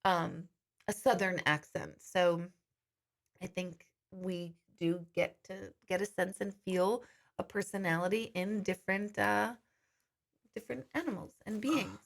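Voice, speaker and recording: A woman's voice: medium pitch, steady tone, unhurried, vocal fry. A woman hosting a live-stream question and answer session as a psychic medium, chatting casually and reading viewer comments aloud.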